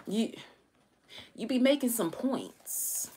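A woman's voice: low voice, animated, moderate pace, heavy background noise. A woman giving a casual live tarot reading, chatty, with many fillers and casual swearing. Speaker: tarot reader.

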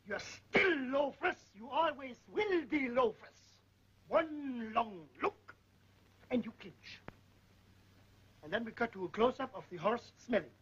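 An actor playing an excitable film director who shouts orders and mangles his English, with a raspy voice. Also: very high-pitched, slow, heavily acted. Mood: bossy. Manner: shouting, fussy, broken English. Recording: dull old film soundtrack with music.

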